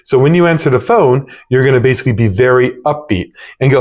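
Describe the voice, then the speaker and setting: A business owner teaches sales techniques in a relaxed, conversational way, occasionally acting out cheerful, upbeat phone greetings. His medium-pitched voice is fairly quick, with hardly any pauses.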